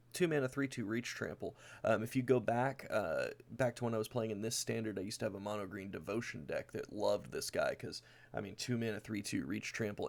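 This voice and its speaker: A man's voice: on the low side, vocal fry. A man casually walking through his card deck one card at a time, reading the card text aloud with plenty of fillers and restarts. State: tired, yawning. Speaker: deck tech host.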